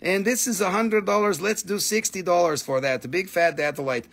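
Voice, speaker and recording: A man's voice: high voice, a little fast, vocal fry, a bit bright. Crude, joking man selling crystals. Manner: crude joking sales patter. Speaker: live sale host. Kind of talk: live shopping stream.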